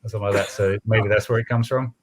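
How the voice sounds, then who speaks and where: Fast-talking man. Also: on the low side, steady tone, breathy edge. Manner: explanatory, easygoing, lots of fillers. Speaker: podcast guest. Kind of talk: casual chat.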